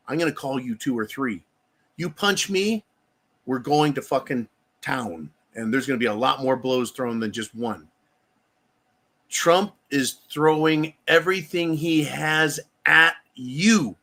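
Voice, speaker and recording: Male commentator, high bright voice, profane and heated, sarcastic rant delivery. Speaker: political commentator. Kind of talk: angry political rant.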